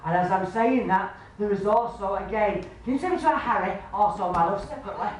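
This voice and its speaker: Speaking a little fast in a mid-range voice, a spiritualist medium gives a live reading to an audience in a club function room. She's chatty and homely, calling the sitter love and sweetheart and constantly asking, "do you understand, please?" The far mic catches a very echoey room with faint noise.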